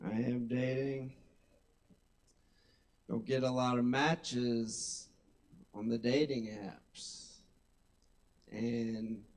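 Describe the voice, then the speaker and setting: A young man doing deadpan stand-up comedy at a small open mic, drawling his setups and then snapping out his punchlines. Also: mid-range voice. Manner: deadpan, drawn-out delivery with sudden loud punchlines. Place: small kava bar stage.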